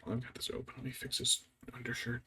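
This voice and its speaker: A man with a medium-pitched voice talks fast while painting a miniature for his stream, chatting casually and muttering to himself in a relaxed way. A little hiss or hum runs under the audio.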